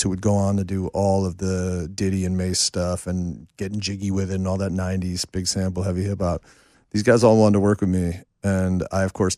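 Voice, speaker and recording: A man in his fifties, a songwriter and producer, telling animated, self-deprecating stories in a casual interview. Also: deep voice, creaky, dry recording, studio quality. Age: 50s. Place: home studio room.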